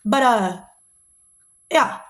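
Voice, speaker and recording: A young woman talks in a sassy, animated podcast monologue. Her voice sits high for a woman. She rants casually and keeps her listeners in on it. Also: drawn-out words. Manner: animated and sassy, slips into mocking put-on voices. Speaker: podcast host.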